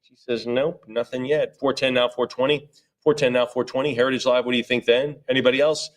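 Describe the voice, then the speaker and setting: A man's voice: mid-range voice, level tone. A man working as an auctioneer at a live sale, chanting bids over and over and dropping playful asides between the numbers. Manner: rapid repetitive bid chant with joking asides. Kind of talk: live auction bid calling.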